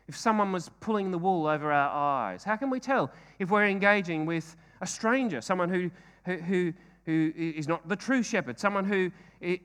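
Guy preaching a sermon, fairly high voice, earnest, keeps asking the room questions. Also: a bit bright. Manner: earnest, rhetorical questions, repeats phrases.

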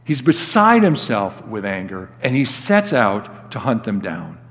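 A man's voice: fairly low pitch, sing-song, measured pace, fairly bright tone. An older man preaching a sermon as a guest pastor, telling stories and acting out the quoted lines with rising emphasis. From United States. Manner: storytelling, acts out quoted dialogue with rising emphasis. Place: church sanctuary. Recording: long hall reverb.

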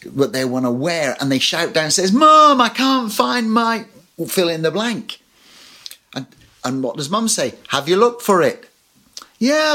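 Husky-voiced pastor preaching a sermon. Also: male voice, on the high side, fairly bright tone. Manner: storytelling with personal anecdotes and humor.

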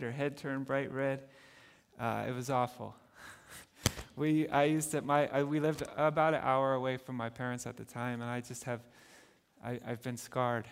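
A man preaching a sermon as pastor, shifting between loud emphatic lines and soft hushed stretches. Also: mid-range voice, clean tone. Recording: long church reverb.

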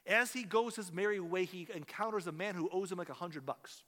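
A man's voice: sits high, fairly quick, bright, forceful tone, in a large hall. A man preaching a sermon as a pastor, telling a story and acting out the characters' lines. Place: church sanctuary.

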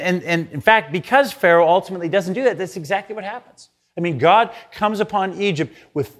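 Guy preaching a sermon, kinda high voice, chatty, reads verses and acts out the quotes. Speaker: pastor.

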